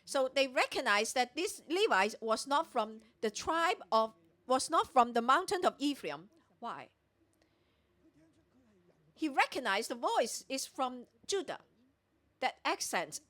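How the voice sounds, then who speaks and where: Speaking slowly with long pauses, a woman with a high, fairly bright voice swings widely in pitch. She's preaching at a morning prayer meeting, teaching a Bible passage verse by verse and retelling the scripture with voiced dialogue for each character.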